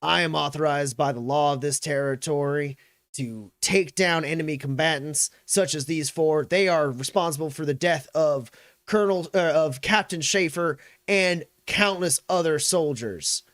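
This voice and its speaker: A man's voice: a little high, normal speed, no echo, clean studio sound, voice pushed up. A man voicing a stern, threatening male colonel who barks orders and threats in a raised, commanding voice. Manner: loud, commanding, menacing.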